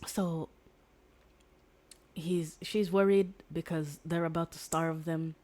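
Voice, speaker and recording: A young woman streamer chatting casually, her voice sitting on the low side for a woman. She rambles through a retold story, full of false starts and casual swearing. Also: fairly even intonation, takes it slowly, darkish tone. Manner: rambling, lots of fillers and restarts, swears casually. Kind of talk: casual chat, retelling a story.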